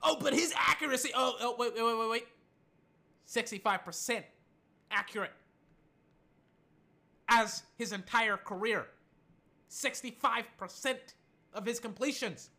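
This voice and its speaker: An American vlogger in a casual sports rant, animated and arguing back at imagined critics, a little tired. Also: medium pitch, unhurried, pauses often. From United States.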